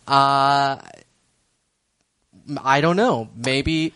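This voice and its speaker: A man co-hosting a podcast, summarizing a TV episode in relaxed, dry chat. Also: a little high, moderate pace. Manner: easygoing, dry, laughs along. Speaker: podcast co-host recapping a TV episode. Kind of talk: casual chat.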